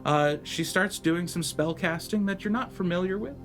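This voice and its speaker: A man narrating as game master, rambling with halting restarts. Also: sits high, soft background music.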